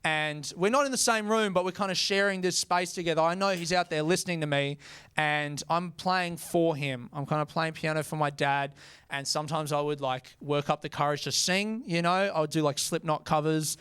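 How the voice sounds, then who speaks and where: A young Australian man doing a stand-up comedy set, telling a story conversationally with animated impressions and casual swearing. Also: a little high, moderate pace, clean tone, dry recording, studio quality. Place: comedy club stage with audience.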